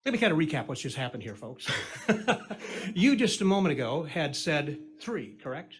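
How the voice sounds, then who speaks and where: A man's voice: on the high side, very animated, normal speed, breathy edge. A man doing a comedy magic act on a live stage, trading corny puns and banter with the audience. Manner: corny punning patter, chatty, teasing the crowd.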